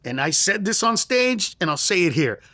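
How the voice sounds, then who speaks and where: A man's voice: high-pitched, very animated, moderate pace, bright, forceful tone, dry recording, studio quality. A middle-aged man, a comedian, telling a story in conversation and acting out the lines he quotes. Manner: acts out quoted lines in raised voice, laughs through story. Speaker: comedian guest.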